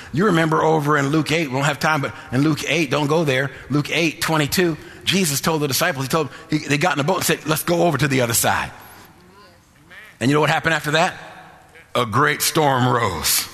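A man preaching a sermon in a rhythmic, repetitive style that builds to shouted, half-sung peaks. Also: fairly high pitch, a little fast, creaky, husky. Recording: long hall reverb.

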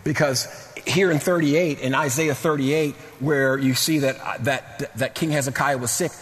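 A middle-aged man preaching a sermon in a church, animated, repeating words and sometimes rising to near-shouts. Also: medium pitch, normal speed, big-room sound.

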